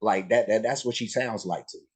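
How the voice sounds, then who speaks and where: A man's voice: on the low side, fairly quick, slightly rough, rough recording. A man casually reacting to a live music video, talking in a laid-back way with lots of fillers and restarts.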